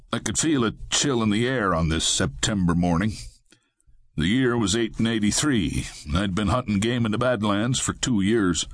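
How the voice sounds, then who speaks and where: A man narrating a western audiobook in the first person, with measured, plain-spoken delivery. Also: lowish voice, no echo.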